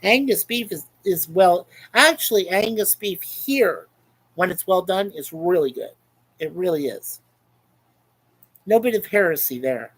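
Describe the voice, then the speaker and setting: A man's voice: sits high, lively intonation, measured pace, fairly bright tone, slightly rough, rough recording. Chuckling man rambling on a webcam. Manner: rambling, chuckling, repeats himself. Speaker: livestream host reading chat. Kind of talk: casual chat.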